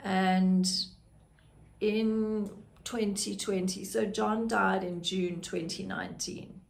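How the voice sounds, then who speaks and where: Slow, gravelly woman. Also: on the low side. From South Africa. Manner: candid and reflective, unhurried. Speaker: podcast host, grief guide. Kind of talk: personal storytelling.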